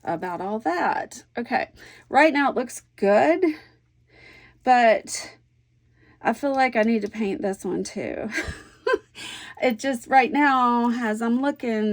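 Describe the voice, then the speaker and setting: A woman chatting casually to camera as she works on a scrapbook layout, telling stories in a friendly, rambling way with quiet asides. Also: fairly high pitch, slow pace. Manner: chatty, warm storytelling with soft asides. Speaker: scrapbooking vlogger. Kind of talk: casual chat while crafting.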